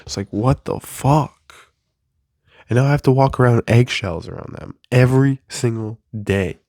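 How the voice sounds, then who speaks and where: A man's voice: mid-range voice, normal speed, a little mellow, no echo, studio quality. A man in his early twenties, sick with the flu, venting in an exasperated, profane casual rant. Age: 20s. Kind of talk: casual ranting monologue.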